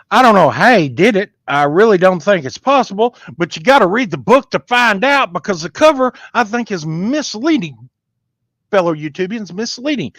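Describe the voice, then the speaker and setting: A man's voice: sits high, a bit bright, no echo. A man chatting casually on a live stream, rambling in a folksy way as he talks to viewers. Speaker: comic book collector hosting a live stream. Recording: dull lo-fi dry sound.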